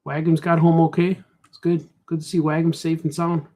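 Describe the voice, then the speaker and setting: A man's voice: fairly high pitch, completely flat delivery, moderate pace, mellow. A man cartoonist thinking aloud in a casual drawing vlog, rambling and muttering to himself as he works. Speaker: cartoonist and comic shop host.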